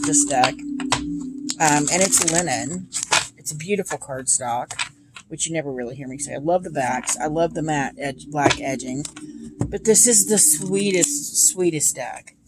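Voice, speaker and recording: A woman's voice: deep voice, a little slow. A woman in her thirties chatting casually and gushing about her tarot decks, with many ums. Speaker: tarot deck reviewer. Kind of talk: casual chat. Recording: noisy home recording.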